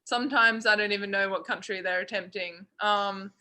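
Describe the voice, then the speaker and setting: Bright-voiced young Australian woman. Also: mid-range voice, normal speed. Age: young adult. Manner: relaxed, laughs between thoughts. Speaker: college basketball player. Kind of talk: casual video-call interview. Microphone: video call.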